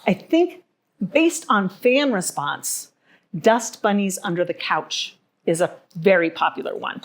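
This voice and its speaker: A woman's voice: medium pitch, big pitch swings, unhurried. A middle-aged woman hosting a live podcast, telling stories to an audience in a chatty way and laughing at herself. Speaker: podcast host. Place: wine venue with live audience.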